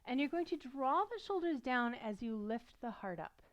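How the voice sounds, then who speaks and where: A middle-aged woman teaching a beginner yoga class, guiding gently and encouragingly while she demonstrates the poses, a little out of breath. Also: high-pitched, expressive, moderate pace. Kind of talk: guided yoga instruction.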